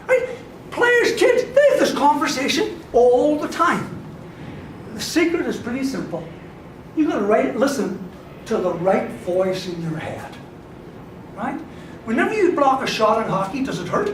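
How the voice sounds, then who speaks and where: A man gives an animated motivational talk to a live audience. His voice sits high and swings widely as he laughs and acts out quoted voices. He is caught from far off in an echoey hall with a clear hum of room noise. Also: moderate pace. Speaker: sports psychology speaker.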